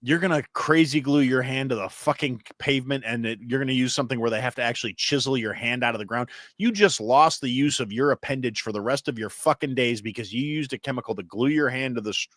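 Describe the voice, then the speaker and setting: A man's voice: medium pitch, quick pace, few pauses, fairly bright tone, dry recording, clean studio sound. A man co-hosting a podcast, ranting crudely with heavy swearing in casual political banter. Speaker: podcast co-host.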